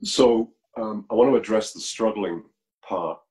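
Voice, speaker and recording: Mellow low-voiced man on a video call. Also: a little slow, low-quality recording. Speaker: musician guest. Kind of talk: casual video call interview.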